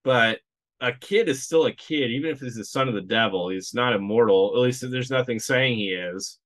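A man in his mid range talks through a film scene by scene on a podcast. He rambles in a loose, animated way and fills his sentences with likes and ums. His voice sits at an ordinary pitch. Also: normal speed. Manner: rambling, animated, many fillers. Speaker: podcast co-host. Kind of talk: casual movie review chat.

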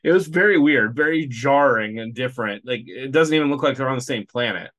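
A man co-hosting a podcast, talking through a film in a rambling, animated way with lots of fillers. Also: medium pitch, a little fast. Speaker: podcast co-host. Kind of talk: casual movie review chat.

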